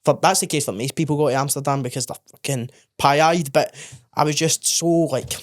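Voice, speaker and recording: A man's voice: fairly high pitch, no echo, clean studio sound. A man with a Scottish accent co-hosting a podcast, bantering and swearing with his mate in casual chat. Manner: banterish, sweary, quick to laugh, says mate and aye. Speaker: podcast co-host.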